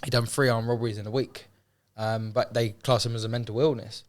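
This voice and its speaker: A man speaking as an interview guest, telling a hard personal story in a candid, unpolished way. He swears freely, restarts his sentences and slips into the voices of people he quotes. His pitch sits in the middle for a man. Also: flat delivery, brisk.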